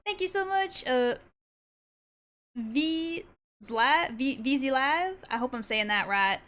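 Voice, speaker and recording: Streamer, young woman, fake Southern drawl, bright higher voice, teasing chat. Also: expressive, slow pace. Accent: put-on Southern US. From southern Canada. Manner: playful, teasing, bursts of silly sing-song noises. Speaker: art streamer. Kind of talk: casual chat while drawing.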